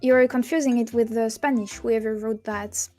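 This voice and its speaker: A woman's voice: a little high, steady tone, normal speed, dark tone, faint music behind. A woman, a guest chatting casually on a stream, playful and giggly as she searches for her words. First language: French. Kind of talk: casual chat.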